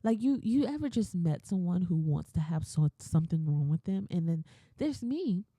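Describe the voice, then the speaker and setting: A woman's voice: fairly low pitch, big pitch swings, moderate pace, dark tone, no room sound. A young adult woman hosting a solo podcast, ranting bluntly and swearing, often mimicking other people's voices. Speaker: podcast host.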